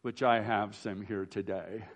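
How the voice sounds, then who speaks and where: A man's voice: lowish voice, fairly even intonation, measured pace, background noise. A man, a pastor, giving a memorial sermon in a folksy storytelling way, often restarting phrases and asking "right?". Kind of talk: funeral sermon.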